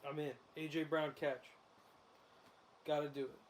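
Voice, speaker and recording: Excitable male host, fairly high voice, laughs a lot, live betting chatter over a faint hiss. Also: measured pace. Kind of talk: casual sports betting commentary while watching a game.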